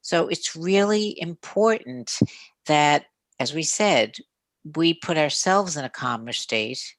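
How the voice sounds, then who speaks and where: A speaker giving conversation advice on a podcast in a coaching manner, often checking in with "right?" and acting out calm sample lines. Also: mid-range voice, takes it slowly, no echo. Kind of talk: casual advice talk.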